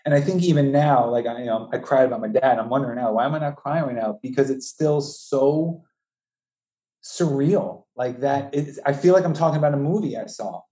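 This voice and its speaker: A grieving father speaks in a mellow, dark-toned voice, halting and restarting as he recounts a painful loss. His delivery is emotional and unpolished, the talk of a personal interview rather than a script. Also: medium pitch. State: voice breaking, high and strained with grief. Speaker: bereaved father telling his story.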